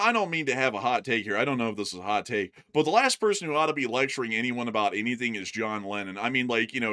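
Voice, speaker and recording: A man co-hosting a show, giving opinions in animated casual chat. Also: medium pitch. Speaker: co-host.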